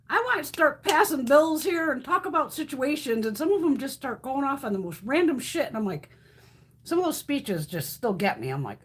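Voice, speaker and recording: A woman's voice: sits high, sing-song, brisk, a little hiss or hum. A woman hosting a casual live stream, ranting bluntly and profanely, reacting to chat comments as she goes. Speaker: beauty livestream host.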